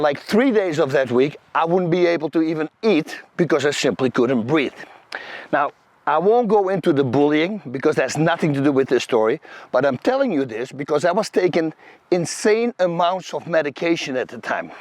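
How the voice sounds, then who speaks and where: A middle-aged man with a Dutch accent, telling his personal story to camera in an animated, emphatic, slangy way. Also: a little high, normal speed, dry recording. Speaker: host.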